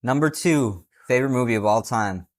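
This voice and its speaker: A young man chats earnestly about movies that moved him. His voice sits in a middle pitch, recorded close and dry with no room sound. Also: fairly quick, dry recording. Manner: earnest, reflective about films. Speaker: podcast co-host. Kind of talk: casual chat.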